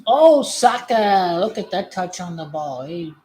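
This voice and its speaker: A man hosts a live watch-along stream of a football match. His voice sits very high and strained. He keeps shouting and groaning at the play and hammering the same blunt, mocking lines again and again. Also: very animated, unhurried.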